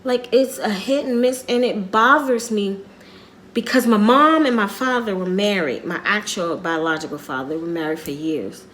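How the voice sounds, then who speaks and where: A middle-aged woman vlogging casually, rambling and repeating herself as she tells a personal story in an earnest, quiet way. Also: medium pitch, moderate pace, a little hiss or hum.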